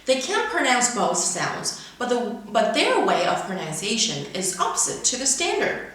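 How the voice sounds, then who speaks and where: Her voice is on the high side and a bit bright, with huge pitch swings. In this instructional lesson she deliberately models English words one by one through read-aloud examples. Recorded in a very echoey room with the mic at a distance.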